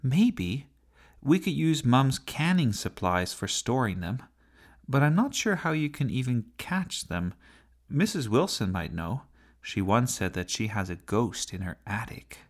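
A man voicing a bossy, imaginative young girl in a children's storybook reading, his voice raised high. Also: sing-song, unhurried. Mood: chatty.

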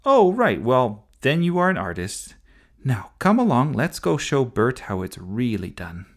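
A man's voice: mid-range voice, sing-song, a little slow, voice pushed up. A man voicing a bossy, know-it-all young girl in a storybook reading, speaking in a lecturing manner.

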